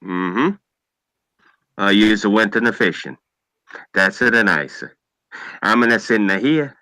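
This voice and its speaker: A man doing a gruff old Italian immigrant dad, scolding his sons in broken, heavily accented English. The voice sits a little low and pushes forward with bright force. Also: expressive, takes it slowly, a little hiss or hum, full character voice.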